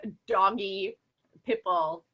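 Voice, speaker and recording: A woman's voice: mid-range voice, steady tone, slow pace, breathy edge, highs cut off. A woman co-hosting a podcast, talking casually and filling her sentences with "like". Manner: chatty, lots of "like" fillers. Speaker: podcast co-host. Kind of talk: casual chat.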